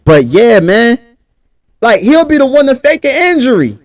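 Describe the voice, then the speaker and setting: Philly-male sports streamer, hyped, pitched high, dry sound. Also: big pitch swings, moderate pace, dry recording. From Pennsylvania. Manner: hyped, talks straight to the chat. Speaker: sports talk host. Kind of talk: casual livestream sports talk.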